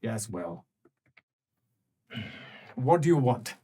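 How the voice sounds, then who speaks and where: A booming, bad-tempered ruler in his fifties or sixties, as a man puts him on for a tabletop game, cursing and snapping at everyone around him. His voice is raised and rough, and his pitch rises and falls widely. He speaks slowly and heavily. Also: very animated, slight background noise. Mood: curt. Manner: loud, gruff and cursing. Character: irritable grieving middle-aged male ruler, blunt, crude.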